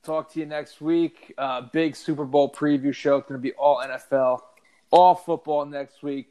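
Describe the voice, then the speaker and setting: A man's voice: a little high, steady tone, moderate pace, dark tone. Laid-back man in casual talk. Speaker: podcast co-host. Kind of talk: casual chat.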